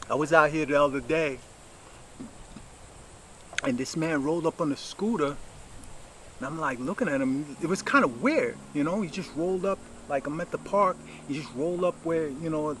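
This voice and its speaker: A man's voice: medium pitch, fairly bright tone, a little hiss or hum, poor audio. A man giving casual life advice in a rambling, reflective monologue with lots of fillers.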